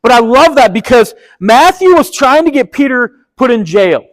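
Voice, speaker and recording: A man's voice: very high voice, very animated, moderate pace, poor audio. A man preaching a casual sermon, retelling a story in a chatty, enthusiastic and slangy way. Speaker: pastor.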